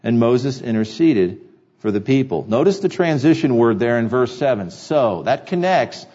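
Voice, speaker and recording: A man's voice: medium pitch, lively intonation, moderate pace, mellow, lo-fi sound. A man preaching a sermon to his congregation, earnest and repeating key phrases for emphasis. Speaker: pastor. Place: church sanctuary.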